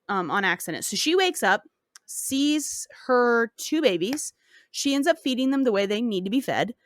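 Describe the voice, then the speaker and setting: A woman's voice: a little high, fairly bright tone, dry recording, clean studio sound. A woman podcast host casually retelling a folk tale, cursing and joking as she goes. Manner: profane, slangy and joking.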